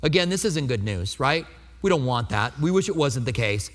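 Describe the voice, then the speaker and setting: A man's voice: mid-range voice, animated, moderate pace, big-room sound. A pastor in his fifties preaching a sermon in a conversational way, asking the congregation rhetorical questions.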